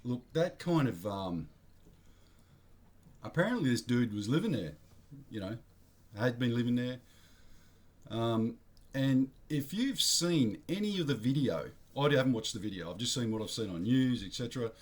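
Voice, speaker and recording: A man's voice: mid-range voice, expressive, normal speed, long pauses. An Australian man vlogging his blunt opinions in a rambling, slangy monologue, often correcting himself mid-sentence.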